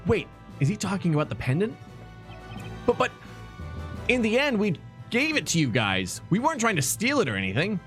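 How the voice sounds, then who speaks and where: Animated, playful male streamer. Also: high-pitched, a little fast, long pauses, soft background music. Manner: playful, swings between dialogue and banter. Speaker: game streamer. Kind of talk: live let's-play commentary and reading dialogue.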